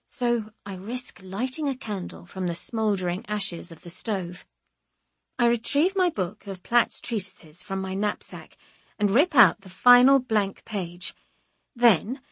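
A woman narrating a first-person audiobook in a wry, measured, expressive way. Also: medium pitch, husky, no echo.

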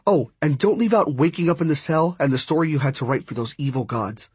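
A man voicing a bold, teasing teenage girl in an audiobook, talking brisk and sassy. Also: a little high, darkish tone, husky, dry recording.

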